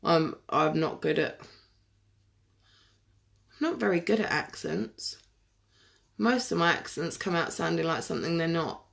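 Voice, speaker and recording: Low and gravelly, her voice moves at an unhurried pace with long pauses. She's hosting a live makeup tutorial, casually chatting and answering viewer comments by name over a phone or webcam microphone.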